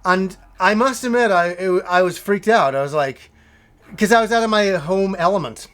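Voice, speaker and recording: A man's voice: high voice, normal speed, a bit bright. A man in his thirties, host of a retro video game show, telling a story casually and rambling, with swearing and many restarts. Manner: rambling, profane, full of restarts.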